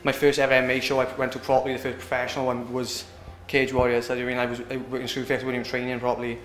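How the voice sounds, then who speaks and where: A man's voice: mid-range voice, completely flat delivery, fast talker, a bit bright, echoey room. A young man from Britain, an MMA fighter talking casually after a win, rambling and often asking "do you know what I mean". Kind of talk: post-fight interview.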